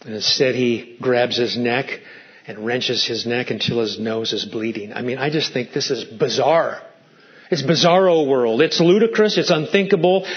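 A man's voice: mid-range voice, normal speed, lo-fi sound. A man preaching a sermon as pastor, emphatic and fond of stacked rhetorical questions.

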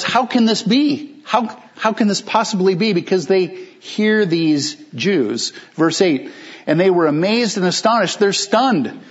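A man preaching a conversational sermon as pastor, acting out listeners' reactions in quick asides. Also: fairly high pitch, dull audio.

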